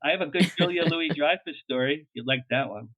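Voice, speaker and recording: An older man, a publicist guest, telling anecdotes in an interview with lively energy, laughing as he tells them and acting out what people said. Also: a little high, fast talker, no echo. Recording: tinny phone-like line, dry.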